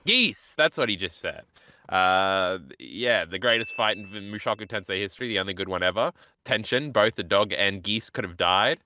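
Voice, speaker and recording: A man's voice: on the low side, moderate pace, bright, forceful tone, clean tone, no echo. A man in casual chat who rants sarcastically with a lot of swearing. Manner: crude, sarcastic, rants with heavy profanity. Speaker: podcast co-host.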